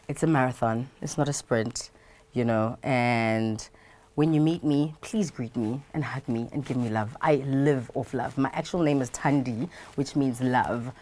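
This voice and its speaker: A woman's voice: a bass voice, a little slow, darkish tone. A South African woman, a radio presenter, chatting playfully and animatedly in a casual interview, laughing often. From KwaZulu-Natal, South Africa.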